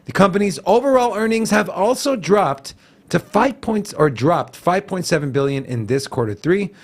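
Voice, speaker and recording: Animated husky man chatting crypto news. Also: high voice, moderate pace. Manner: animated, slangy, lots of "like" and "bro". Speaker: co-host. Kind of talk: casual crypto news chat.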